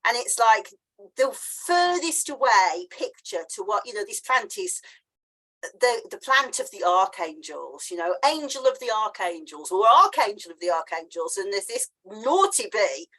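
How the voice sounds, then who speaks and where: Woman host, chatty storyteller, very animated pitch. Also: normal speed, rough recording. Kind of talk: casual conversational interview.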